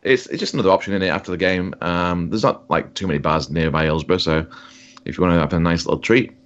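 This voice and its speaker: Laughing Yorkshire man, deep voice. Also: fast, a bit bright, muffled recording. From Yorkshire, England. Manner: laughing often, stammering restarts. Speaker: podcast co-host. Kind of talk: casual chat.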